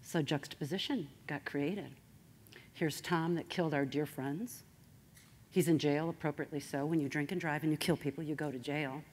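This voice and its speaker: Straight-talking woman doing a motivational talk, lowish voice, animated. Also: moderate pace, husky. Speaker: speaker.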